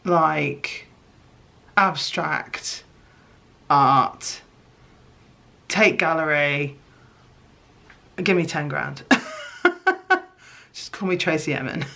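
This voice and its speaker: A woman chatting casually as she shows her homemade crafts, excitable and self-mocking. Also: sits low, vocal fry. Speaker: crafting vlogger. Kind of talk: casual craft chat to camera.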